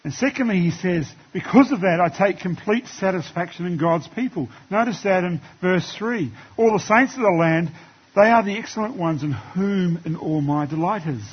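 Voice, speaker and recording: A man's voice: sits high, moderate pace, husky, dull audio. A man preaching a sermon in church, talking conversationally to the congregation and reading scripture aloud. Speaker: pastor.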